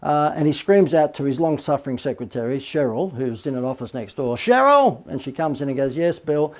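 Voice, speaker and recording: A man, a marketing coach, giving a recorded course lecture full of lively anecdotes and emphatic asides. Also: medium pitch, fairly quick.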